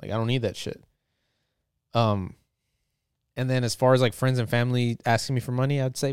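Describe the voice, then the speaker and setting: Male vlogger, mid-pitched, smooth tone, dry close sound; casual profane rambling, joking. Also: unhurried, long pauses, no room sound. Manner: profane, joking, full of fillers.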